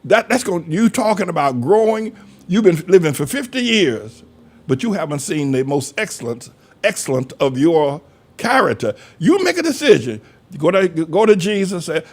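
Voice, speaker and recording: Gravelly older preacher, folksy. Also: male voice, high-pitched, sing-song, moderate pace. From North Carolina. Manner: folksy preaching, acts out quoted voices. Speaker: pastor. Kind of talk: sermon.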